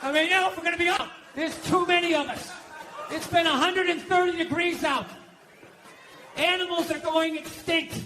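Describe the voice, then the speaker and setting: An American man doing stand-up comedy, ranting loudly and swearing a lot. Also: very high-pitched, fairly even intonation, normal speed, a little hiss or hum. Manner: loud, ranting, profane.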